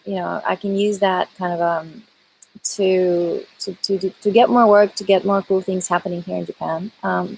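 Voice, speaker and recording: A woman's voice: medium pitch, gravelly, a little hiss or hum, poor audio. A woman singer chatting casually with viewers on a live stream, greeting them by name and talking with lots of fillers. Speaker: singer hosting a live chat.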